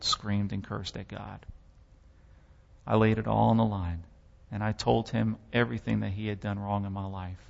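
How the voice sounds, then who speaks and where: Gravelly guy preaching his testimony, big dramatic swells, dull muffled audio. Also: lowish voice, in a large hall. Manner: impassioned storytelling with dramatic swells. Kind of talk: sermon testimony.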